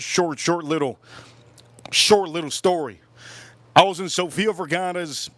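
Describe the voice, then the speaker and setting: A man's voice: on the high side, fairly bright tone, no room sound. A middle-aged man hosting a casual livestream, chatting and acting out both sides of his stories. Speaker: livestream host. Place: outdoors at a backyard grill.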